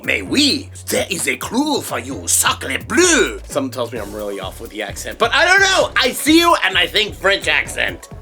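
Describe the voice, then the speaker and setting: Young male voice-actor host, lively and bright, faint music under. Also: on the high side. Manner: animated, enthusiastic, self-mocking. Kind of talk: casual vlog narration.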